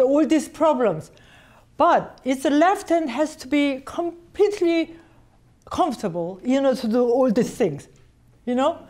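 A woman teaching a cello master class, coaching a student directly in halting phrasing and singing passages on syllables to show them. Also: high voice, expressive, warm tone. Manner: sings phrases on syllables to demonstrate.

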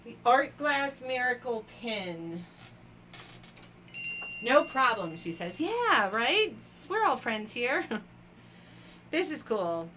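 A woman's voice: mid-range voice, bright, forceful tone, slight background noise. A woman hosting a casual live jewelry auction stream, chatting with viewers by name and laughing often.

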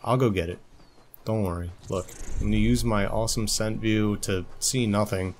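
A man's voice: on the low side, steady tone, moderate pace, a little hiss or hum, close to an everyday voice. A man voicing a sassy newborn lynx cub who nags his mother, in joking, mock-whiny let's play commentary. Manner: joking, mock-whiny complaints, frequent laughs.

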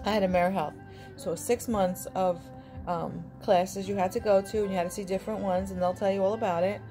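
A woman's voice: mid-range voice, steady tone, brisk, music in the background. A woman vlogger talking casually and encouragingly to her viewers, chatty and often repeating herself. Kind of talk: casual personal vlog talk.

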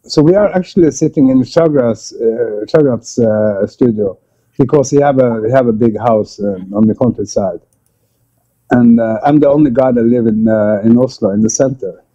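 A man's voice: medium pitch, moderate pace, mellow, highs cut off. A Norwegian man, a guest musician, chatting casually in English with many fillers and restarts. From Norway. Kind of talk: casual remote interview.

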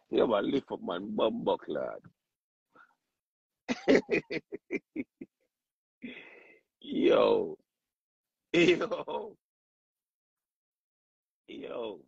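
A man with a Jamaican accent, bantering loudly and joking on a casual livestream, often breaking into laughter. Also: on the low side, big pitch swings, drawn-out words, vocal fry, long pauses, slightly rough, no echo, dull audio. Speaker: livestream host.

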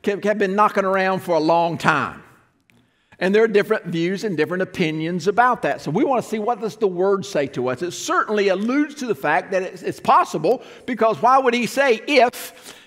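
A man preaching a sermon from the pulpit, explaining and asking the congregation questions. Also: high voice. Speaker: pastor. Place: church sanctuary. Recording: long church reverb.

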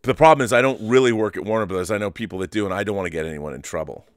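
A man co-hosting a casual chat show, telling rambling stories in an animated way and swearing freely. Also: lowish voice, very fast, no room sound, studio quality. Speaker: co-host.

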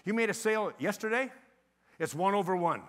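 An older man giving a live conference talk on sales, animated and joking as he tells stories. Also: high voice, fairly quick, in a large hall. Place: conference venue.

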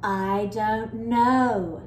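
A woman voicing a calm, friendly male snake in a storybook, speaking low and steadily. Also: extremely slow, echoey room, a little hiss or hum.

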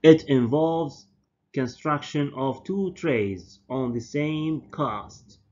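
A man, a native Arabic speaker, giving a university dental lecture slowly and deliberately, often repeating and correcting his terms. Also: fairly high pitch, a little mellow. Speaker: dental professor. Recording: dull lo-fi lecture recording.

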